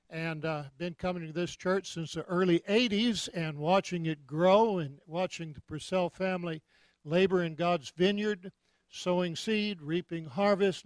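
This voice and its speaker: A man in his seventies preaching a sermon, jovial and joking, breaking into loud shouts of praise. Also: high voice, dry recording. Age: 70s. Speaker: guest preacher.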